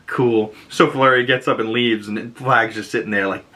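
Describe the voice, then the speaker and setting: A man with a Boston accent talks through a show episode in a loose, rambling recap. His voice is bright and forward, pitched in a middle range, and full of "like" and "you know". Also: steady tone, normal speed. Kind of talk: casual episode breakdown.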